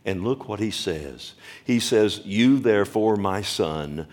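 A man's voice: on the low side, expressive, slow pace, darkish tone. A man preaching a sermon as pastor, emphatic and repetitive, calling out for the congregation's response.

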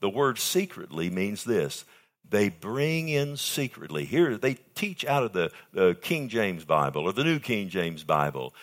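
A male pastor delivers a sermon in an emphatic preaching style. His voice swings from hushed, drawn-out words to loud, pressing lines. He keeps checking in with the congregation with quick questions. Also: fairly low pitch, big pitch swings. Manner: asks the audience questions.

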